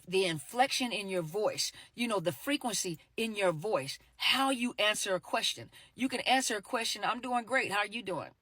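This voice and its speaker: In a mid-range, somewhat bright voice with no room sound, a middle-aged therapist and coach chats casually to the camera. She often says "you know," repeats herself, and sometimes plays out brief quoted exchanges.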